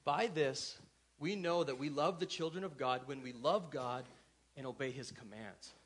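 A man's voice: medium pitch, normal speed, slight background noise. A man in his thirties, a pastor, preaching a sermon in a loose, conversational way, often checking in with the congregation. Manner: conversational, asks the congregation questions.

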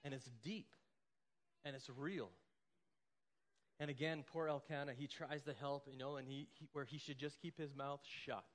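A man's voice: medium pitch, flat delivery, normal speed, pauses often. A man preaching a sermon in a conversational way, often asking "right?" and acting out the people in the story. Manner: conversational preaching, acts out quoted lines, frequent "right?" and "like". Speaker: pastor.

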